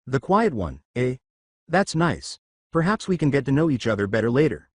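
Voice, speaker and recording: A man's voice: mid-range voice, very animated, normal speed, no echo, studio quality. A man voicing a flirtatious adult woman hero teacher in a storybook reading, with a teasing, forward manner.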